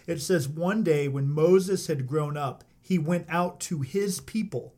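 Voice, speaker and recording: A man's voice: on the high side, measured pace, dark tone. A man co-hosting a casual chat, thoughtful and questioning as he reads and discusses a story.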